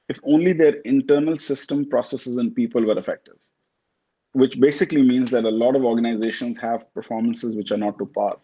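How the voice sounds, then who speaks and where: A man from Pakistan, a company chief, answering interview questions in a measured corporate way, often restarting his words. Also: medium pitch, dark tone, breathy edge, lo-fi sound. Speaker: CEO guest.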